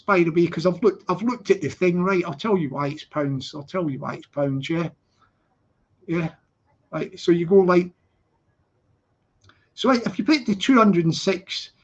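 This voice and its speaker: A man's voice: sits high, fairly bright tone. Rambling man on a live stream. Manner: rambling, repeats words and restarts often. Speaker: channel host. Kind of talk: casual live-stream chat. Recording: slightly dull lo-fi audio.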